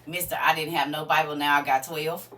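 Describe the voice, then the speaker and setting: A woman's voice: low voice, level tone, brisk, fairly bright tone, distant mic. A woman hosting a live stream, talking casually and half-preachy to her viewers and laughing often.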